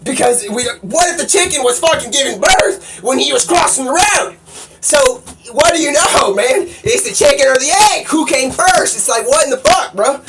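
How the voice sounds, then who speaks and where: A man's voice: very high-pitched, moderate pace. Rambling, profane male streamer, off-mic. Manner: rambling, profane, excitable, with bursts of shouting. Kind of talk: rambling live-stream monologue. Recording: distant mic with faint background noise.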